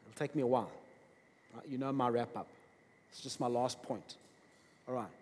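A man preaching a sermon, emphatic, swinging between loud bursts and quiet asides. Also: mid-range voice, moderate pace, husky. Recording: long reverb of a large hall.

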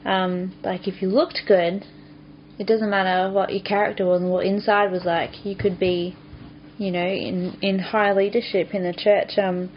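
A woman's voice: medium pitch, little pitch movement, normal speed. A woman in casual conversation, sharing her thoughts in a reflective, hesitant way with many fillers. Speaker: Christian podcast co-host. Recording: dull lo-fi sound with faint hiss.

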